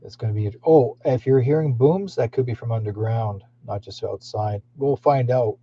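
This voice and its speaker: On a dull, lo-fi stream, a psychic host with a husky, medium-pitched voice rambles at a moderate pace. He keeps restarting his sentences and filling gaps with fillers.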